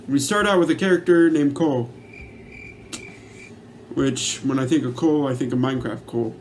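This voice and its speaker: A man's voice: medium pitch, moderate pace, a little mellow, slight background noise. A man casually recapping a movie he loves, rambling with many fillers and swearing freely. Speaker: YouTuber reviewing a movie.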